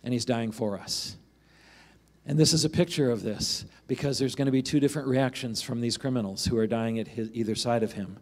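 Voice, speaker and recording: A male pastor delivering a sermon in a relaxed, conversational tone. His voice sits at a middle pitch. He checks in with the congregation with a quick "right?" and briefly acts out the people he quotes.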